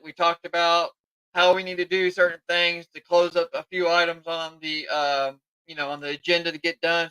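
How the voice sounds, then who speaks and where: A man's voice: on the high side, pushed and bright, smooth, no echo, rough recording. A man hosting a live podcast in a chatty, eager way, admitting he's tired. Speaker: podcast host. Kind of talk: casual live podcast chat.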